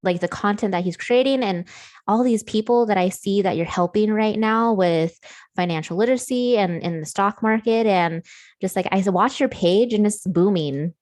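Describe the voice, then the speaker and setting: A woman's voice: mid-range voice, normal speed, no echo. A woman hosting an interview show, chatting casually and affirming her guest with lots of fillers. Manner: warm, affirming, many fillers. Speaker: podcast host.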